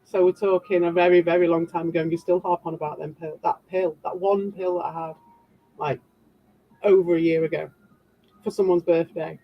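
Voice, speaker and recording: A woman's voice: lowish voice, flat delivery, fairly quick. A British woman livestreaming and answering her chat, rambling defensively and tossing in sarcastic asides. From Britain. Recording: dull lo-fi sound.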